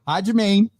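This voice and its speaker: A tired man hosting a relaxed, chatty online show from a warm room at home, laughing now and then. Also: sits high, no room sound. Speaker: host. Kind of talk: casual chat. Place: hot room at home with vents and fan. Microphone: phone or video call.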